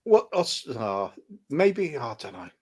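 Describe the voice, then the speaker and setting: Lively-voiced man joking as co-host. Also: mid-range voice, breathy edge. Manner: joking, quick interjections. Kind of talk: casual chat.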